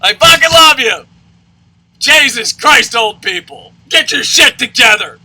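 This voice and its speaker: A man hosting wrestling news, ranting loudly with constant swearing and shouted outbursts. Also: extremely high pitch, expressive, measured pace, poor audio. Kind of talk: profane ranting commentary.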